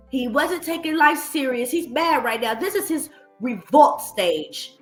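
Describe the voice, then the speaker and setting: A woman giving blunt, profane reaction commentary, animated and mocking. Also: high-pitched, echoey room. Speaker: streamer commentator.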